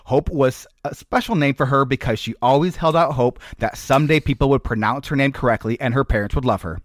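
A man's voice: mid-range voice, fairly quick, no room sound, studio quality. A man co-hosting a podcast, telling made-up game lore in a mock-dramatic way and laughing at his own jokes. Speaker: podcast co-host. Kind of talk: comedic lore storytelling.

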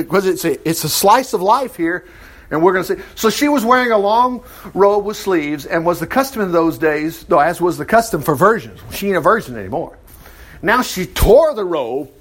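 Preacher, high voice, big swings, wry asides. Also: male voice, fairly bright tone. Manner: folksy asides, wry commentary. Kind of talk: sermon, conversational storytelling.

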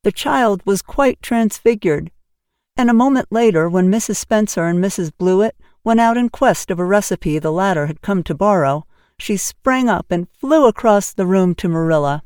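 A woman narrating an audiobook with clear, expressive reading. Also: mid-range voice, moderate pace, dry recording, clean studio sound. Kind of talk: scripted narration.

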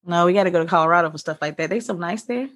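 A woman, co-hosting a podcast in relaxed, laughing banter. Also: on the low side, very fast. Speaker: podcast co-host. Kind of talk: casual chat.

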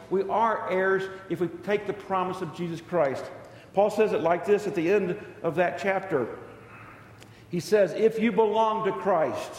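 A man's voice: high voice, roomy sound, big-room sound, slight background noise. A man preaching a sermon as pastor, telling stories and acting out the dialogue in them. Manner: storytelling preacher, acts out quoted dialogue.

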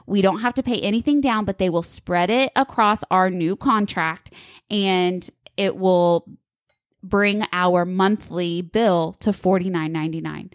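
A woman co-hosting a podcast, telling a story in casual chat and acting out the people she quotes, her pitch jumping high when she gets upset. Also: fairly even intonation, measured pace, dry recording, studio quality. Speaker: podcast co-host.

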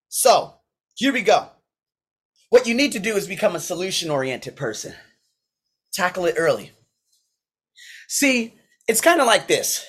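Guy fired up preaching on his podcast, loud then low, swears, laptop mic at home. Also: sing-song, measured pace, pauses often, breathy edge. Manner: fervent, swings between loud declarations and low asides; swearing, talking to himself by name. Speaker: podcast host and coach. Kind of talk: motivational preaching monologue. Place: indoors at home, pacing with a laptop.

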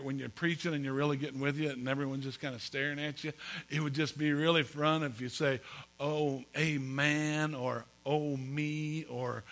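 A man's voice: fairly high pitch, bright, forceful tone. A man preaching a sermon as pastor in a church, folksy and joking, calling on the congregation to respond. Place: church sanctuary.

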